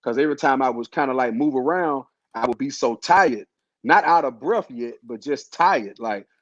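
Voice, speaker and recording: A man with a mid-range, fairly bright voice talks at normal speed, recounting his illness as the host. The telling is casual and slangy, loose with fillers, and the lo-fi recording is dull with no room sound.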